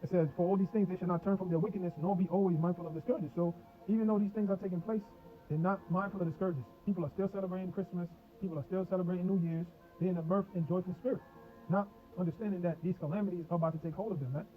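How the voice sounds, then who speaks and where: Fast-talking preacher on a tinny line. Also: male voice, high-pitched, fairly even intonation. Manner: reads verses then explains in loose slang. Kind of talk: scripture teaching. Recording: tinny phone-like audio with faint music.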